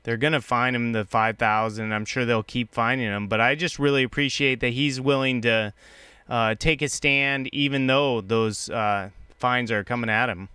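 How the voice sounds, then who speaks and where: A man's voice: mid-range voice, moderate pace, clean tone, no echo. A man hosting a live call-in show, chatting casually and agreeing with his callers. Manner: relaxed, chatty, often agreeing.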